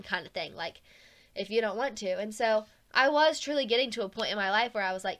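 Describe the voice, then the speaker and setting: A woman's voice: mid-range voice, lively intonation, a little fast, fairly bright tone, no room sound. A young woman hosting her own podcast, talking through a hard year in a frank, earnest, casual monologue full of "like". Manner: chatty, heavy use of "like", frank and earnest. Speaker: podcast host.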